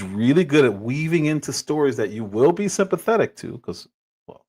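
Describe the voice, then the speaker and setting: A man's voice: fairly high pitch, sing-song, brisk, darkish tone, husky. Exasperated man reacting on stream. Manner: exasperated, mocking remarks. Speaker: livestream host. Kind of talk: reaction commentary.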